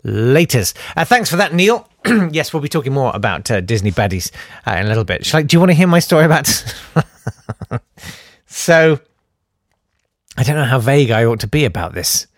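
A man's voice: medium pitch, sing-song, brisk, no room sound. A man hosting a radio show, speaking close to a studio microphone with a dry, deadened sound. He rambles through comedic chat, stacking ums and tangents and laughing at his own asides. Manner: chatty, full of ums and tangents, self-amused. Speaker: radio host.

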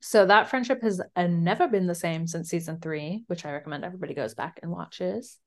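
A woman's voice: lowish voice, brisk. A woman co-hosting a podcast in casual chat, talkative, swearing freely and laughing often. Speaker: podcast co-host. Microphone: remote call recording.

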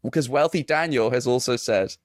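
A man's voice: mid-range voice, fairly quick, no echo, studio quality. A man co-hosting a comedy podcast in casual chat, joking and stumbling over restarts. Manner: joking, stumbling restarts, puts on silly voices. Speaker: podcast co-host.

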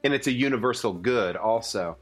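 A man's voice: mid-range voice, brisk, husky, soft background music. A man co-hosting a podcast, arguing playfully in a mock-formal debating manner. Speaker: podcast co-host. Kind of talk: casual chat.

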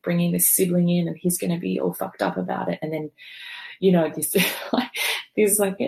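A woman with a deep, creaky voice tells her own story to an interviewer. She is candid and emotional and swears freely. She rambles through fillers and restarts as she goes. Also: a little mellow. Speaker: podcast guest telling her birth story.

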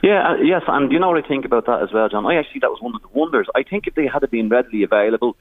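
A man's voice: mid-range voice, sing-song, rapid-fire, creaky, no room sound. Irish man on a phone line. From Ireland. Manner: emotional storytelling with many restarts. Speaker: charity founder guest. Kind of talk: radio interview.

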